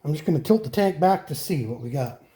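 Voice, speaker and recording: A man hosting a casual repair vlog from his shop, talking to the viewers as he works and often correcting himself mid-sentence. His voice is mellow and warm, and his pitch moves around a lot. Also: lively intonation, fast talker. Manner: chatty, talks to viewers while working, self-correcting. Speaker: host fixing a lawn mower.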